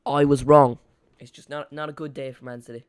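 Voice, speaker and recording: A man's voice: medium pitch, level tone, a little fast, clean tone. Chatty man hosting a watch-along. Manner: chatty, self-mocking, dry jokes. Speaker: live watch-along host. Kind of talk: casual live match commentary.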